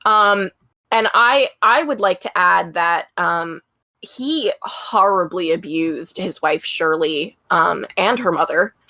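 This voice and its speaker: A woman's voice: lowish voice, takes it slowly, bright, forceful tone, no room sound. A woman hosting a casual true-crime podcast, chatty and profane with lots of ums and laughing asides. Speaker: podcast host.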